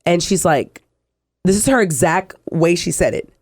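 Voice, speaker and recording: A middle-aged woman, a guest telling her life story in an interview, animated and acting out the voices in her quotes. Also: lowish voice, moderate pace, no room sound, clean studio sound.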